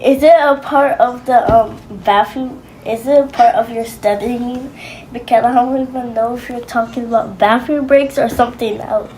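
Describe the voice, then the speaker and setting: A woman's voice: on the high side, steady tone, normal speed, a little mellow, a little hiss or hum. A young woman in casual family banter, teasing and incredulous, recorded on a phone.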